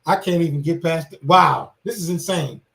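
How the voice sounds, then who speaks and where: A man's voice: on the high side, normal speed, creaky, fairly bright tone. A man giving casual reaction commentary on a clip, indignant and repetitive, talking straight to his viewers.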